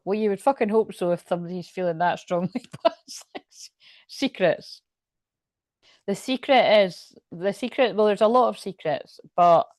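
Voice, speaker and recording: A woman's voice: lowish voice, a little mellow, no echo. A woman with a Scottish accent giving a rambling, chatty tarot reading, swearing freely and laughing often. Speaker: tarot reader. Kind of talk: casual tarot reading to camera.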